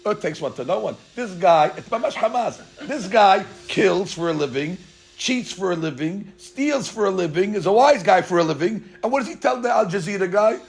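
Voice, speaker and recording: A rabbi teaching a Torah class in a high, gravelly voice. He is animated and joking, and breaks into little acted-out exchanges as he explains the text. He sounds lively and engaged throughout. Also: moderate pace. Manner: animated, joking, acting out dialogue.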